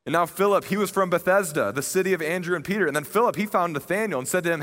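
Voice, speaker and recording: A man's voice: high voice, racing, few pauses, a bit bright. A young man preaching a sermon in a conversational, earnest way, retelling a story with animation. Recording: long reverb of a large hall.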